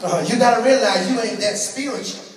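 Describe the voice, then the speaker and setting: A high-voiced preacher delivering a folksy sermon, dropping into low asides and then shouting to the congregation. He sounds far from the mic in a big reverberant church, with the crowd audible around him. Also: brisk. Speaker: pastor. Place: large church sanctuary with congregation. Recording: echoey church hall from far off.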